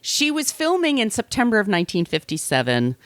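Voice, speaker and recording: A woman podcast host telling a true-crime story in casual chat, sardonic and quick to laugh. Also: medium pitch, huge pitch swings, a bit bright, dry recording. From Long Island, New York. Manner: chatty, sardonic, laughs often, slips into put-on voices.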